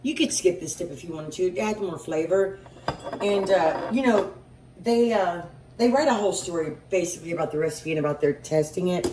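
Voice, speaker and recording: A woman's voice: on the low side, a little fast, background noise. A woman with a Southern US accent hosts a home cooking video, chatting and thinking aloud as she cooks in her kitchen. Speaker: home cooking channel host. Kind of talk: cook-along narration. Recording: echoey kitchen with clear clatter.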